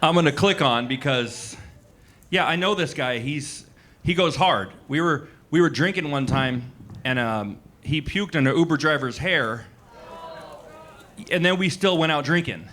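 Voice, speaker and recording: Unhurried and a bit bright, this comedian's voice sits on the high side with lively intonation. In his forties, he performs a loose, talky stand-up set on a comedy club stage for a live audience, heavy on "likes" and asides.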